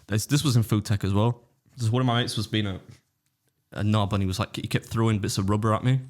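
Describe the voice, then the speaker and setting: A man in his thirties with a Yorkshire accent, telling rambling, animated school stories on a casual podcast. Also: on the low side, quick pace. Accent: Yorkshire English. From Leeds, England. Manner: rambling, animated, swears, laughs at own stories. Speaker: podcast co-host. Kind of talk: casual storytelling chat.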